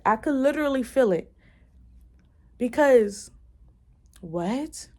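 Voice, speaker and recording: A woman's voice: a little high, unhurried. Woman gushing over a book, blunt. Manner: excited, retells scenes with many "like"s and restarts; blunt, curses freely. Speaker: book reviewer. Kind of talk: casual book review chat.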